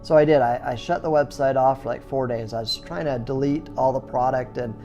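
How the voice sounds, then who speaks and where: A middle-aged man who owns a skateboard business, telling his story casually with lots of fillers and restarts, and animated sound effects. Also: mid-range voice, a little fast, soft background music. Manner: chatty, full of "you know" fillers and restarts; animated, acts out sounds and reactions.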